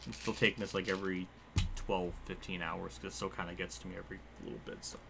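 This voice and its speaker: A young man casually talking through a racing game livestream, excitable, laughing often and quick to swear. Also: low voice, gravelly, slightly rough, faint music behind.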